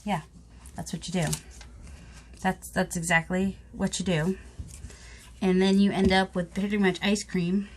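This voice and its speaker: A woman's voice: lowish voice, level tone, unhurried, pauses often, low-quality recording. A woman chatting casually to viewers in a crafting vlog, rambling and self-mocking while she works at her table. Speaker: craft vlogger.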